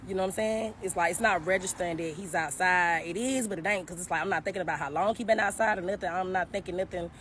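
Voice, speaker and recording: Woman, low-pitched, casual storytime vlog, earnest, emotional, talks straight to the audience. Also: fairly bright tone, slight background noise. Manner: earnest, addresses the audience directly as y'all; recounts events in a halting, emotional way. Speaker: vlogger telling her own story. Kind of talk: casual spoken storytime to camera.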